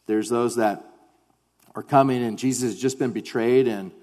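A man in the middle of a sermon, his mid-range voice carrying through a church hall with a long, ringing reverb. He preaches with animated stress, then drops low and quiet to drive a point home. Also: moderate pace. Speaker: pastor.

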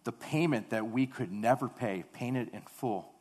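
Reading scripture first, a man preaches a sermon and then expounds on it, using emphatic, repeated phrases that swell into loud, fervent passages. His voice sits at medium pitch and moves at normal speed.

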